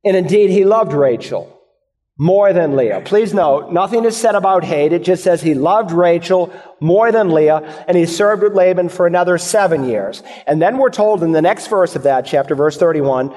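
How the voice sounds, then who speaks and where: A man's voice: sits high, lively intonation, moderate pace, warm tone, long reverb tail. A male pastor preaching an expository sermon, posing and answering rhetorical questions for his listeners.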